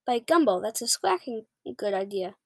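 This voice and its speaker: A woman's voice: a little high, big pitch swings, normal speed, a little mellow, dry recording. A woman voicing a big, friendly male giant who speaks in jumbled grammar and made-up words. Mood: kindly.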